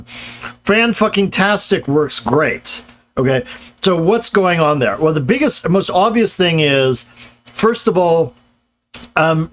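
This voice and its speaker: A man giving a casual grammar lecture, explaining step by step and tagging his points with "right?" as his voice drops low. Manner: loose explanatory talk, tags points with "right?" and trails lower.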